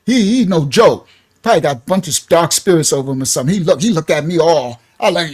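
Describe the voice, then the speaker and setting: A man's voice: on the high side, expressive, quick pace. A man preaching casually, telling a story in slangy street talk, laughing often and swinging his voice up and down.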